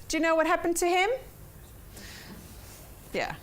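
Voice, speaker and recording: A woman's voice: very high voice, big pitch swings, a little slow, a bit bright. A woman teaching a weekly personal development workshop, upbeat and repeating points for emphasis while checking in with her class.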